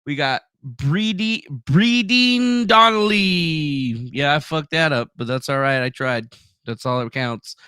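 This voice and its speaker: A man's voice: mid-range voice, fairly even intonation, normal speed, bright, forceful tone, smooth, no echo, clean studio sound. A man hosting a live stream in a loose, rambling way, swearing and reading out viewers' names from the chat. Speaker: livestream host.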